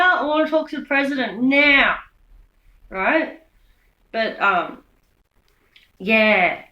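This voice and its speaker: A woman giving a rambling, profane monologue, swinging between loud rants and low mutters. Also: highs cut off. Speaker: vlogger giving a speech. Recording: echoey room.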